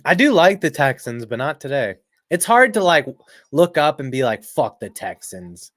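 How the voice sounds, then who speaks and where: A man's voice: on the high side, very animated, moderate pace, a bit bright, no room sound. Rambling, profane man on a dry mic. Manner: frequent throat clearing. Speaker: live stream sports commentator. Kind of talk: casual live game commentary.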